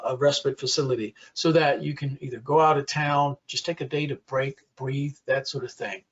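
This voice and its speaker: A man's voice: on the high side, breathy edge, dull audio. A man giving a conversational webinar presentation for caregivers, with frequent fillers.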